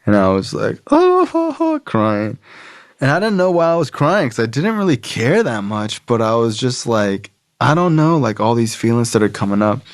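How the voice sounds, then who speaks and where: A man's voice: medium pitch, very animated, normal speed, no echo, studio quality. A young man telling a long personal story in casual talk, swearing and acting out what others said. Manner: rambling, profane, acts out quotes. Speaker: podcast guest.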